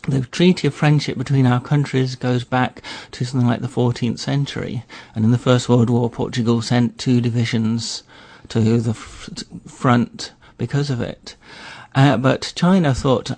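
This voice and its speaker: A man with a gravelly, creaky voice unfolds a history tale at an easy storyteller's pace, with dry, wry asides. He is recorded close up in a dry studio with no room sound. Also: medium pitch, flat delivery, normal speed, few pauses, darkish tone, no echo. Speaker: history guest on a radio show. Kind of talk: storytelling chat.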